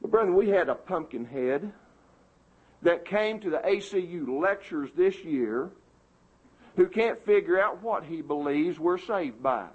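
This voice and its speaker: A man's voice: high voice, expressive, a little slow, slightly rough. A man preaching an emphatic, indignant sermon to a congregation, recorded on a muffled lo-fi tape.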